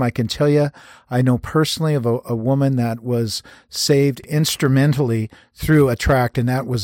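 A man's voice: medium pitch, a little mellow, dry recording, studio quality. Earnest, plainspoken man teaching. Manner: earnest, plainspoken, self-deprecating with stories. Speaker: host teaching gospel tract outreach. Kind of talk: conversational teaching talk.

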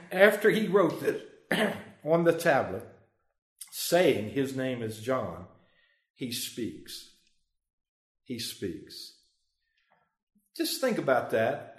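A man leading a Bible study, emphatic, slowing down to stress key phrases, chuckling often and putting questions to the group. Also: fairly high pitch, big pitch swings, reverberant. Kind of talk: interactive Bible study teaching.

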